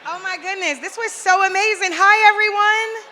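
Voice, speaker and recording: A woman's voice: very high voice, moderate pace, sharp tone, some chatter behind. A woman giving brief, bubbly, self-deprecating remarks on stage with a handheld mic at a live event. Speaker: event conversation leader. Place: large hall at a live event. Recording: echoey hall with faint ambient noise.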